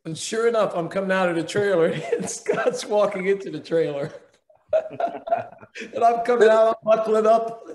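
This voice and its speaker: A man with a high voice tells a playful anecdote and laughs along with it. His voice rings out in a roomy, echoing space. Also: moderate pace, darkish tone. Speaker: actor on a cast reunion panel. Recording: roomy echo.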